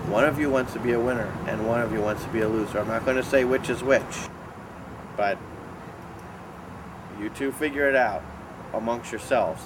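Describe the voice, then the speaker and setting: A man's voice: medium pitch, moderate pace, pauses often, background noise. A man bragging and scolding in dry, exasperated comedic banter. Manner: boastful, exasperated, deadpan. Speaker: show regular talking with puppets.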